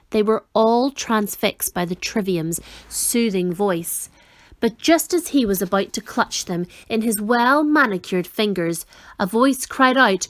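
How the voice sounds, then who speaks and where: A woman reading a children's novel aloud in an expressive storytelling manner. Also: mid-range voice, measured pace, no room sound. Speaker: reader.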